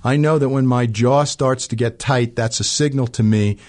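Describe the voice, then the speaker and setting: A middle-aged man calmly explaining ideas in an interview, using everyday examples. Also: mid-range voice, normal speed. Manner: calm, explanatory, gives examples. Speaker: guest expert on emotional fluency. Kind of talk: interview answers.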